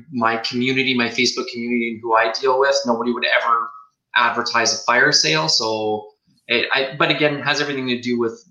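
A man's voice: medium pitch, pushed and bright, echoey room, low-quality recording. A man appearing as a guest collector on a podcast. He talks in casual interview chat and speaks earnestly, with plenty of fillers. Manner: earnest, sincere praise, frequent fillers.

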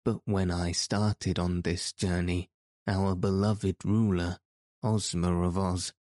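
Man voicing a shaggy storybook wanderer, calm, polite, deep voice, slow, mellow. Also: no echo, studio quality.

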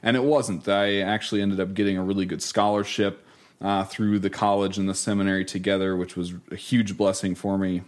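A young man answering interview questions in a calm, measured way. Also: low-pitched. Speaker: guest. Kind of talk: casual interview talk.

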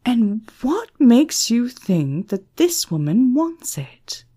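A woman voicing a composed former spy who speaks slowly and coldly. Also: on the high side, sing-song, warm tone, breathy edge, pitched above the performer's own voice, heavily acted. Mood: cold menace. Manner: slow, cold, menacing. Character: cool, controlled former female spy.

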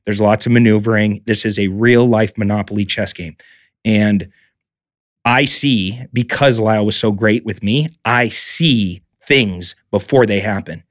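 Animated, swearing podcast host. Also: male voice, fairly low pitch, unhurried, no room sound, studio quality. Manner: animated storyteller, swears freely. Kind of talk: casual podcast conversation.

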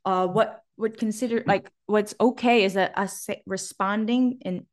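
A woman's voice: medium pitch, moderate pace. A woman co-hosting a podcast in casual chat, telling stories and acting out what people said. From Asia. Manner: animated storytelling, acting out quotes. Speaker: podcast co-host.

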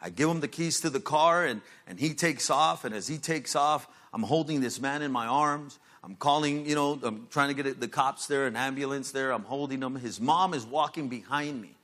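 A pastor tells his testimony from the pulpit in a bright, forceful voice. He speaks in loose street slang and keeps an everyday, mid-range pitch. At its peaks his delivery swells into loud, charged preaching. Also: moderate pace, few pauses. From Los Angeles, USA. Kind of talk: sermon testimony.

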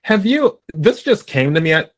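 A man in his forties hosts a podcast, his voice set a bit higher than most men's. He chats easily and tells stories, acting out what his friends said. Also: sing-song, normal speed. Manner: conversational storyteller, quotes friends. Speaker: podcast host. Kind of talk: casual interview chat.

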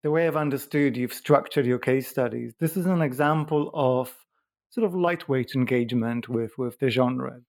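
A man giving a critique in an academic discussion, halting and wry, with many restarts. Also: medium pitch, darkish tone.

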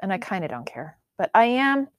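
A woman co-hosting a casual chat podcast, teasing and quick to agree. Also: medium pitch, sing-song, no room sound, clean studio sound. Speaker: podcast co-host.

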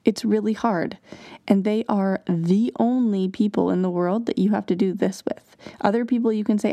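A woman's voice: mid-range voice, steady tone, normal speed, gravelly, mellow, dry recording. A woman hosting a parenting advice podcast, talking in an earnest, conversational way and sometimes acting out what children say. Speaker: podcast host.

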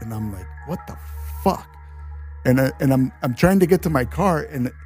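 A man swaps scary stories on a casual podcast, cursing freely as he builds the tension. His voice is mellow and darker in tone, and a faint music bed runs beneath him. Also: medium pitch. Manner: swears a lot, animated storyteller. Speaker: podcast co-host. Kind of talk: casual storytelling chat.

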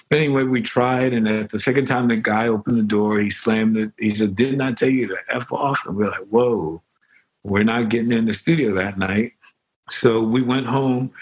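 An older man speaks with a husky, breathy edge. He tells stories in an interview with lively energy, and his voice leaps up when he acts out the other people in them. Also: rough recording. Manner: animated storyteller, bursts into sung and high-pitched impressions. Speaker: musician guest. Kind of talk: storytelling interview.

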